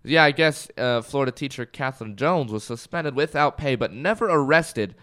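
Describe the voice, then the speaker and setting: A man's voice: medium pitch, expressive, moderate pace, sharp tone. A man co-hosting a casual podcast, joking around and reading odd news stories aloud. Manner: joking, reads news items aloud with laughs. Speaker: podcast co-host. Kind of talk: casual chat.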